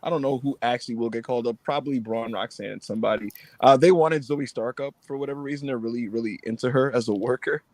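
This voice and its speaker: Mid-pitched male co-host, dry close mic; animated, laughing, mimics others. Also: fast, hardly any pauses, dry recording. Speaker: podcast co-host. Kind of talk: casual chat.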